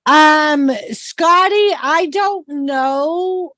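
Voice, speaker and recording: A chatty woman with a Boston accent tells stories in an easy livestream chat. Her voice sits a little high. The sound is dry and close, with no room around it. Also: very slow, pushed and bright, no echo. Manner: chatty storyteller, acts out quotes. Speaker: co-host.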